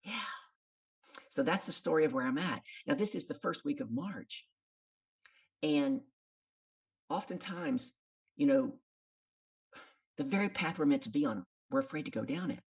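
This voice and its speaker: A woman, a business coach and podcast guest, telling a story in an animated way and acting out the voices of the people in it. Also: sits low, gravelly, husky, far from the mic.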